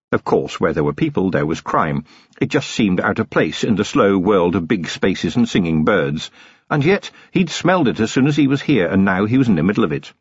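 A man narrating a novel as an audiobook, in an expressive, characterful storytelling way. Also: fairly low pitch, slightly rough, no echo. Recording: dull lo-fi close-miked recording.

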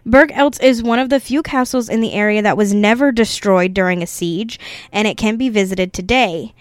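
A woman's voice: medium pitch, moderate pace, dry recording. Female podcast co-host, reads notes conversationally, mid-range voice, dry close sound. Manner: reads notes, chats and laughs along. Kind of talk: reading a ghost story on a podcast.

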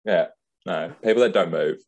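A man's voice: sits low, normal speed, darkish tone, a little hiss or hum. A young Australian man co-hosting a podcast in casual, rambling chat with many fillers. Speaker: podcast co-host.

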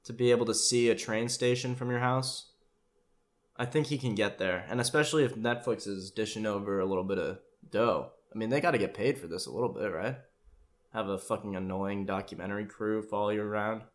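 Brief: male commentator, low voice, loose and sarcastic, casual reaction talk. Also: fairly quick. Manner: rambling, sarcastic, swears freely.

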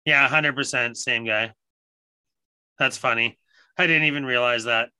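A man co-hosts a podcast in a laid-back, reflective chat, with some casual swearing. His voice is very bright and sharp, and the recording is dry and close. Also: mid-range voice, steady tone, unhurried, clean tone, no echo, rough recording. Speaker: podcast co-host.

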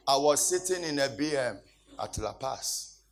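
A man's voice: mid-range voice, animated, unhurried, slight background noise. A man preaching, telling a story in a dramatic, exclaiming manner. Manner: laughing, exclaiming, dramatic retelling. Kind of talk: animated sermon storytelling.

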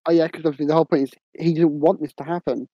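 A man's voice: a little high, fairly even intonation, racing, dry recording, highs cut off. A man co-hosting a casual film review, agreeing and adding short, sweary reactions. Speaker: podcast co-host.

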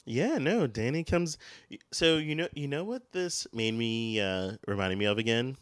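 A man's voice: mid-range voice, expressive, normal speed, smooth, no echo. A man co-hosting a podcast, chatting casually about a TV episode, often hesitating and trailing off. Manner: hesitant, trails off, fillers and restarts. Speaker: podcast co-host. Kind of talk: casual TV episode recap chat.

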